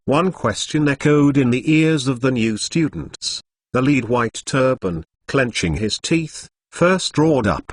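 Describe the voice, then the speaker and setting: Male text-to-speech narrator, mid pitch, dry close sound, even delivery. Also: a little slow, no echo. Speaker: audiobook narrator. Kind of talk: synthetic narration of a translated web novel.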